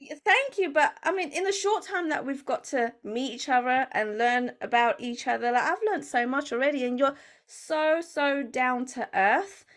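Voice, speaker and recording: A woman's voice: high-pitched, moderate pace, a bit bright. A woman hosting a podcast interview, talking in an effusive, gushing way about her guest. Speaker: podcast host. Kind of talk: enthusiastic interview chat.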